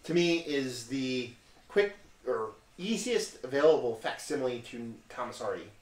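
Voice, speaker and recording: A man's voice: mid-range voice, lively intonation, moderate pace. A man hosting a casual beer review, rambling and joking with a sarcastic streak. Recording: echoey room.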